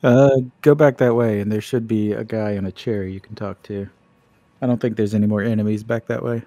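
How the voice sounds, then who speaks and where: A man's voice: on the low side, fairly even intonation, fairly quick, warm tone, no echo. A man streaming a game with a friend, teasing him dryly and laughing often as they banter. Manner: laughs a lot, dry teasing. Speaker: streamer and co-host. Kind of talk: casual, profane gaming banter.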